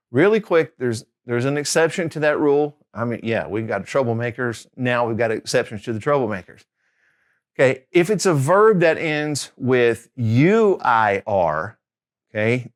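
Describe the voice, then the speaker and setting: A man giving a relaxed, conversational language lesson at a mid-range pitch. He speaks quickly in his asides, then slows right down to say each foreign word twice, clearly and deliberately. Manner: chatty, repeats each Spanish word slowly. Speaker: Spanish tutor. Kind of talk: casual video lesson.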